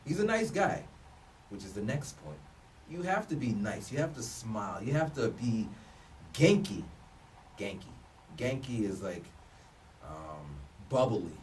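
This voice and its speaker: A man's voice: fairly low pitch, big pitch swings, unhurried. A man in his thirties giving casual advice to the camera, loose and joking, often restarting his sentences. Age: 30s. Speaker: vlogger giving job advice. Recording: voice a bit distant from the mic, faint room noise.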